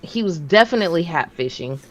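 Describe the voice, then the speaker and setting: A woman in her thirties co-hosting a podcast, telling a story in casual chat and jumping her pitch to act out what others said. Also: fairly quick, low-quality recording. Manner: animated, acts out quotes with big pitch jumps. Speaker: podcast co-host.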